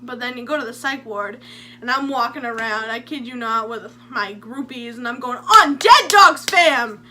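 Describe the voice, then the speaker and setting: Bright-voiced young woman telling stories. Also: fairly high pitch, moderate pace, a little hiss or hum. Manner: chatty, jokey, animated storytelling. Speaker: vlogger. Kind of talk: story time vlog.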